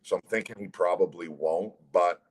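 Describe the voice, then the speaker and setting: A man's voice: low-pitched, normal speed, poor audio. A middle-aged man, a former pro hockey player, bluntly telling a story with constant swearing as a guest. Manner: blunt, heavy swearing, animated retelling. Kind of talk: casual storytelling.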